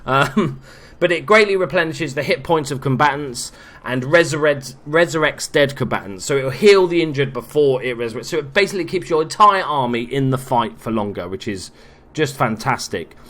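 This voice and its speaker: A man's voice: mid-range voice, lively intonation, moderate pace, fairly bright tone. A man hosting a casual gameplay guide, talking in an offhand, joking way with frequent asides. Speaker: game guide host.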